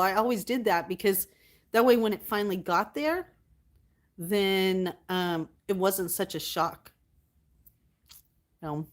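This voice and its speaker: A woman hosting her livestream, chatting casually with viewers, reading their comments aloud and thanking them warmly. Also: on the low side. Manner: affectionate, thanks viewers often. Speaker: livestream host.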